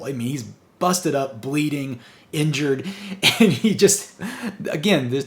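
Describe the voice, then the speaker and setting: A man hosting a review channel, retelling a comic's plot in a casual, excited way with frequent chuckles. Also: medium pitch.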